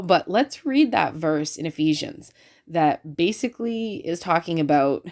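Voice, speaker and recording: Woman with a slightly low voice, chatty and excitable, recorded on a phone. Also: measured pace. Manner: excitable and talkative, many fillers. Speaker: religious video creator. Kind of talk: casual talk to camera.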